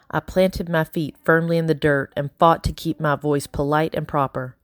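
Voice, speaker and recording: A woman narrating a first-person audiobook in a steady, quietly dramatic way. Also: low voice, normal speed, few pauses, no room sound, studio quality. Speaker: audiobook reader.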